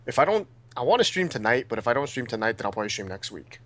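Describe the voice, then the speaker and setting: A man's voice: medium pitch, big pitch swings, very fast, fairly bright tone. A man who is a guest on a gaming podcast, talking casually and hesitantly. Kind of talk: casual chat.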